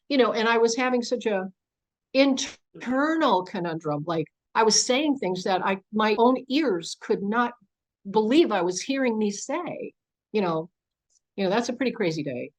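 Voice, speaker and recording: A woman's voice: mid-range voice, moderate pace. Older woman telling a story with animation. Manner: animated storyteller who acts out quoted dialogue. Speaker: guest speaker. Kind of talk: personal account told to an audience. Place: home podcast studio.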